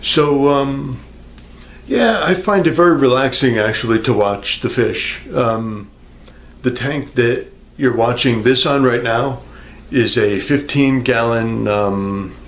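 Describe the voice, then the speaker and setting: This home vlog features a YouTuber whose mid-range voice takes its time as he talks casually and crudely to the viewer, mocking himself along the way. He's indoors near a fish tank, recorded on a camera microphone.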